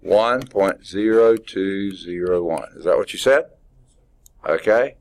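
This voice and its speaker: A middle-aged man with a drawl, lecturing a calculus class. His voice sits fairly low, and he speaks unhurriedly, in a folksy way, thinking aloud and correcting himself as he works through the problems. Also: takes it slowly, a little mellow. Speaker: math instructor.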